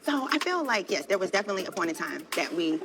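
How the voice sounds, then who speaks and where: A woman's voice: medium pitch, big pitch swings, quick pace, music in the background. A woman on a reality show talking directly and explaining herself in a conversation. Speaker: reality show cast member.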